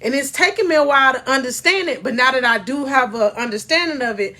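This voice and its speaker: A high, bright-voiced woman speaks emphatically into a camera at close range. She is a middle-aged life coach giving a faith-based motivational talk at home, preachy and warm toward her viewers. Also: quick pace.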